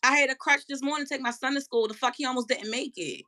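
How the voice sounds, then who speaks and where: A woman hosting a live stream, chatting casually and profanely with her viewers and telling animated stories. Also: sits high, fast. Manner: addresses viewers directly.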